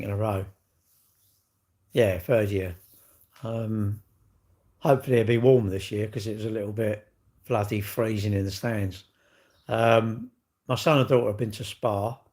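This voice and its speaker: A man in his sixties, chatting casually on a live stream with viewers, cheeky and bantering with the odd swear word. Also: medium pitch. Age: 60s. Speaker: livestream host.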